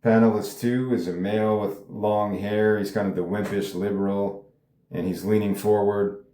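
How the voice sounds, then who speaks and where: A man's voice: on the low side, steady tone, moderate pace, dark tone. Casual man reading a script aloud. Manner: casual, laughing asides. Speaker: script reader. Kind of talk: casual table read narration. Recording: roomy echo.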